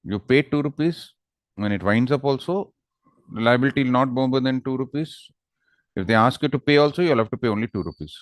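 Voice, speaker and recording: A man's voice: medium pitch, expressive, brisk, dry recording, clean studio sound. A man with an Indian English accent teaching an online law class, quizzing students and teasing them.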